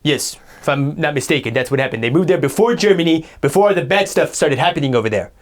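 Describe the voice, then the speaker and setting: A man's voice: on the high side, expressive, fast, lightly acted. A man playing a boastful, self-pitying guy who rambles indignant complaints in an improvised comedy sketch.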